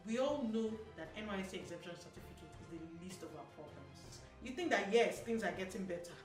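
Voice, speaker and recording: A Nigerian woman giving sassy, animated opinion commentary as a vlogger, slipping into Pidgin. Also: mid-range voice, a little fast. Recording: roomy echo, mic at a distance, soft music.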